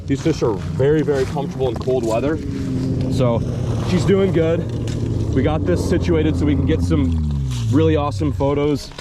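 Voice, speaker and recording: A young man filming an excited ice-fishing vlog outdoors on a frozen lake, repeating his exclamations as he lands a fish. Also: a little high, moderate pace, very noisy. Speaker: fishing vlogger.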